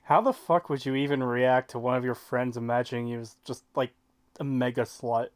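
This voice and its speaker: A man's voice: medium pitch, fairly even intonation, moderate pace, clear, resonant tone. A man co-hosting a podcast, chatting bluntly and casually about a TV show, swearing now and then. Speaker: podcast co-host. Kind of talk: casual chat.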